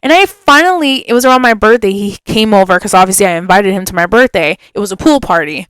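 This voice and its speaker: A young woman hosting a podcast, telling a story in an animated, chatty way, laughing often and filling it with "like". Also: mid-range voice, quick pace, smooth, no echo. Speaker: podcast host. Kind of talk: casual storytelling.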